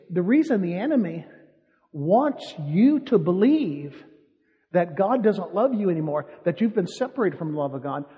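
A man preaching a sermon, telling stories and repeating his points for emphasis. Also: sits high. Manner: storytelling, emphatic repetition. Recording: muffled hall reverb.

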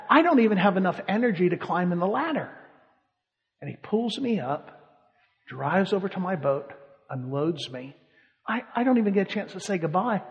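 A man preaching, telling a lively story with animation and frequent laughter. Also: high voice, in a large hall, slight background noise. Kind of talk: sermon storytelling.

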